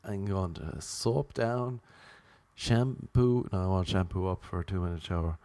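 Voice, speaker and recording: A man's voice: sits low, unhurried, mellow, no echo. A young Irish man with an Irish accent, rambling through a loose comic monologue and drifting off on tangents. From Ireland. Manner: loose, jokey, goes off on tangents. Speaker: comedian.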